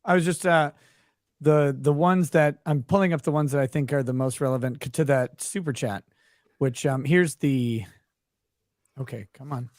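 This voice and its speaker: A man's voice: medium pitch, normal speed, a little mellow, no room sound, studio quality. A man hosting a casual livestream, joking with guests and grumbling at his computer. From Minnesota. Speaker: livestream host.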